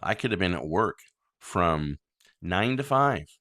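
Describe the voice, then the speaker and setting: A man's voice: sits low, lively intonation, measured pace, a bit bright, no echo, studio quality. A man speaking as a father making a public plea to listeners, blunt and indignant, with many ums and some swearing. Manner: indignant, complaining. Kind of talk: monologue to listeners.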